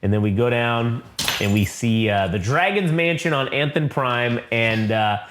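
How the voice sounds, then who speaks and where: A man co-hosting a casual comic book review, profane and animated as he retells the story. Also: medium pitch, unhurried, background noise. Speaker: podcast co-host. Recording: echoey room.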